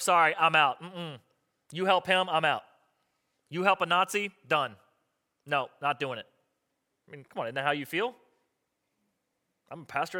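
Animated man preaching a sermon. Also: sits high. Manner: animated, acts out voices of people in the story; conversational and joking with the congregation. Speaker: pastor.

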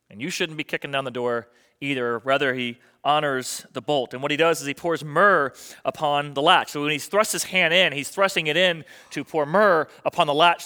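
A man's voice: fairly high pitch, pushed and bright, clear, resonant tone. A male pastor preaching a sermon, emphatic and repeating his key phrases for effect.

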